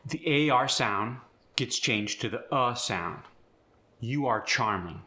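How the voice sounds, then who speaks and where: Unhurried male accent coach. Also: medium pitch, animated, sharp tone. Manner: explains sounds step by step, then reads an example sentence. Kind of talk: accent tutorial.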